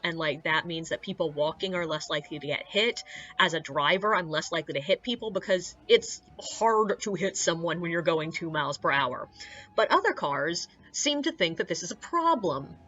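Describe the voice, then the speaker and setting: In this casual storytelling vlog, a young tour guide shares anecdotes in a lowish voice that is pushed and bright. Her talk is loose and chatty, full of likes, uhs, and cursing, and the recording has its highs cut off.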